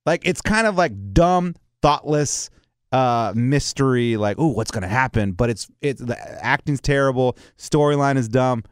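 A man co-hosting a casual chat, telling joking stories in an animated way. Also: medium pitch, a little slow, smooth, no echo, studio quality. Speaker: podcast co-host.

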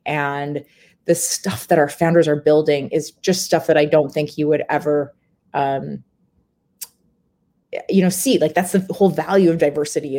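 A woman's voice: low voice, mellow. A woman founder talking candidly in a live video interview from a hotel room, laughing often and restarting her sentences. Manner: many fillers and restarts. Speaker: startup founder.

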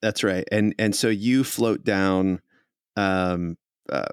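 A man with a low voice runs a tabletop game, ruling and describing the action in a casual, halting way. He often stops and restarts his sentences mid-thought. The sound is close and dry. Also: fairly even intonation, clean tone, dry recording. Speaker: game master.

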